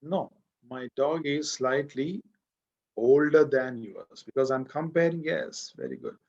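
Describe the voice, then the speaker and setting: A man's voice: mid-range voice, very animated, measured pace, gravelly, darkish tone, lo-fi sound. A man with an Indian English accent teaching an English grammar class, asking the class questions and repeating his points. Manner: explains with repetition and questions to the class. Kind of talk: classroom lecture.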